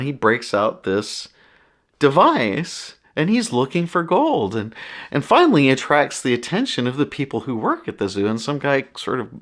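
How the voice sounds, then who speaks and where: A man hosting a podcast, telling personal stories in a casual, rambling way full of asides. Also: mid-range voice. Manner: conversational, rambling anecdotes with many asides. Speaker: podcast host. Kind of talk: casual storytelling monologue.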